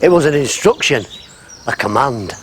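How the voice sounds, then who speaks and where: A man's voice: medium pitch, animated, moderate pace, fairly bright tone, slight background noise, lightly acted. A man playing an ordinary, earnest man who tells a puzzling story with solemn care in a sitcom. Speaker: local man telling a story. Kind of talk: sitcom acting.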